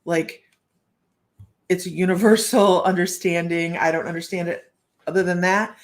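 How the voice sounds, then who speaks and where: Addressing her viewers directly and welcoming them by name, a woman does a psychic reading on a live stream. Her voice is low and steady, her pace moderate, and her sentences loose and meandering as she thinks aloud.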